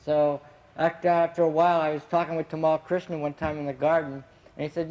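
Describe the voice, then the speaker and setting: A devotee casually tells anecdotes from his years working as a gardener, talking fast in a slightly mellow, fairly high voice with a level tone. He's chatty, laughs often and uses plenty of fillers, and the recording quality is low.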